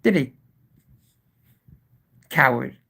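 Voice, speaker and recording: A man's voice: mid-range voice, animated, extremely slow, gravelly, bright, forceful tone, breathy edge. A man hosting a live stream and reading chat aloud, talking in a confrontational, swearing manner at times and apologetic at others. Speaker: livestream host.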